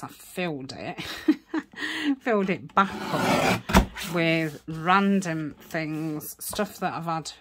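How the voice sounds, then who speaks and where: A woman chatting casually while crafting, rambling with many fillers and dropping into soft whispered asides. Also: sits low, noisy background. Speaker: crafting vlogger.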